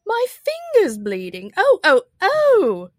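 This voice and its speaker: A woman's voice: fairly high pitch, very animated, unhurried, a bit bright, no echo, studio quality, exaggerated voice. A woman reading aloud and voicing a fretful, scatterbrained old queen who wails and dithers. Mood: shrieking. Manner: wailing cries, fussy and dithering.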